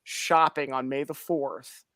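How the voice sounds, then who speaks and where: Man, casual podcast chat, animated storyteller, acts out quoted voices, dry close sound. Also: medium pitch, slow pace, smooth, no room sound.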